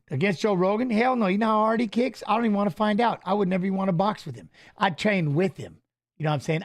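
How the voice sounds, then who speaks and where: A man co-hosting a fight watch-along stream, chatting loosely and jokingly, reading viewer comments aloud and swearing casually. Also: sits high. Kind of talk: casual live-stream chat.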